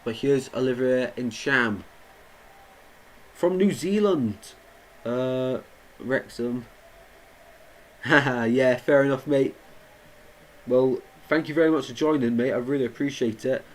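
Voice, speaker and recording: A man's voice: medium pitch, slow pace, pauses often, rough recording. A young man doing live football watchalong commentary, chatting with viewers and getting indignant at the play. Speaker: watchalong streamer. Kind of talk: live match commentary and chat.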